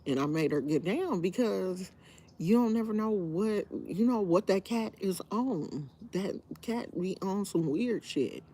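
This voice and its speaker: A woman hosting a live stream, telling a story in a casual, animated way and laughing often. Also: mid-range voice, a little slow.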